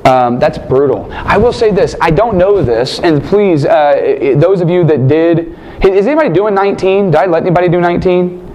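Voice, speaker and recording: A man's voice: high voice, a little fast, few pauses, mellow, muffled recording, a little hiss or hum. A man teaching a Bible class, quizzing his students and joking between points. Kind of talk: classroom lecture with questions.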